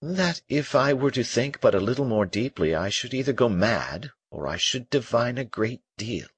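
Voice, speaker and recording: A man voicing a gentle, melancholy young male prisoner in an audiobook, speaking earnestly and softly with a husky voice. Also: mid-range voice, very animated, moderate pace, no room sound, pitched above the performer's own voice. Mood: wistful. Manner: earnest, wistful and soft-spoken. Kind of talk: audiobook character reading.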